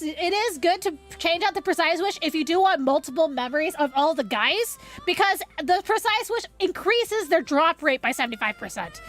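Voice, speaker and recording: A young woman streamer reacting out loud as she pulls on a game banner, groaning and cheering at the results. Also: extremely high pitch. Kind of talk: live gacha game stream.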